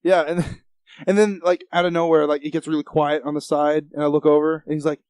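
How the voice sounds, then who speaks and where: A teenage guy co-hosts a podcast and tells crude stories, often laughing between lines. His voice sits a little high for a young man. The sound is dry and close, with no room in it. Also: little pitch movement, brisk, darkish tone, clean tone, no echo. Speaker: podcast co-host. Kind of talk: casual chat.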